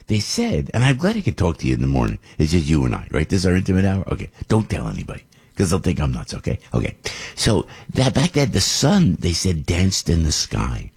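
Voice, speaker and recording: Older man, radio host, husky, lively swooping pitch, rambling storyteller. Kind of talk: casual radio monologue.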